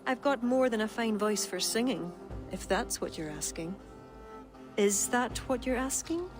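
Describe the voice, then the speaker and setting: A woman's voice: a little high, animated, a little slow. An actress with an Irish accent voicing a proud, witty woman court poet who speaks in a teasing, lilting way, with game music behind.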